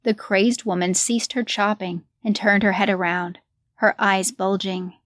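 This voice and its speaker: A woman narrating a horror story in a measured, deliberate way. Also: medium pitch, fairly even intonation, a bit bright, no echo.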